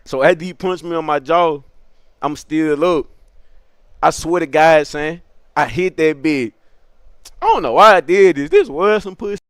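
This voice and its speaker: A man's voice: on the high side, animated, normal speed, pauses often, clean tone, no room sound, studio quality. A man telling a funny story in rambling, slang-heavy casual talk, often laughing at his own story.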